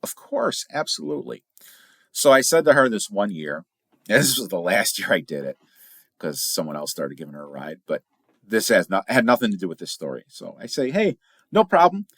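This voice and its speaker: A middle-aged man from Illinois hosting a casual podcast as a firearms instructor, telling stories in a chatty, animated way with big jumps in pitch for emphasis. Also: moderate pace, gravelly, no room sound, clean studio sound. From Illinois, USA.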